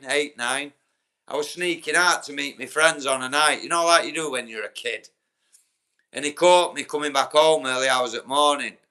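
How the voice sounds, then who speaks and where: A man's voice: on the high side, sharp tone. A young man with a Yorkshire accent, chatting bluntly and swearing on a livestream, answering viewers by name. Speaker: livestream host. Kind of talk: casual livestream chat.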